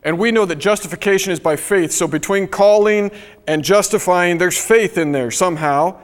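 A man preaching a sermon, earnest and emphatic, slowing down to stress key phrases. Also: high-pitched. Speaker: pastor. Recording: long hall reverb.

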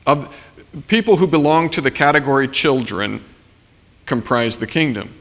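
A man's voice: mid-range voice, lively intonation, normal speed, a bit bright. A man preaching a sermon as a pastor, in a loose conversational way, with many fillers and asides such as "right?". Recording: long reverb of a large hall.

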